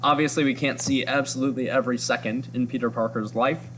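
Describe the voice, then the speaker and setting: A man in a teacher's role talks his listeners through a comic's panels in an upbeat, explanatory tone. His voice sits at a middle pitch, with scattered ums. A faint hum runs under the recording. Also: steady tone, fast, a bit bright. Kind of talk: reading and analyzing a comic for students.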